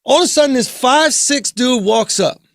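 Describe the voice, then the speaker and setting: A man co-hosting a podcast, bantering and telling an animated story that acts out the people he quotes. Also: extremely high pitch, moderate pace, vocal fry, dry recording, studio quality. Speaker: podcast co-host. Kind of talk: casual banter.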